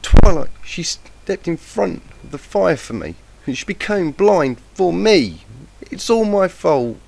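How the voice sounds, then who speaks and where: A man's voice: mid-range voice, expressive, a little slow, pitched above the performer's own voice. A man doing a tearful timid pegasus girl. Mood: sobbing distraught. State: has a cold, croaky. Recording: noisy lo-fi mic.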